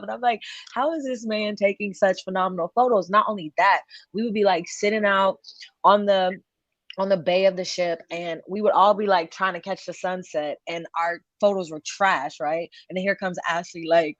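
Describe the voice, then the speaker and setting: A woman's voice: medium pitch, fairly even intonation, normal speed, no echo, lo-fi sound. Chatty woman hosting a webinar. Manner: chatty, laughing, lots of filler "like". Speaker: session host. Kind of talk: casual webinar introduction.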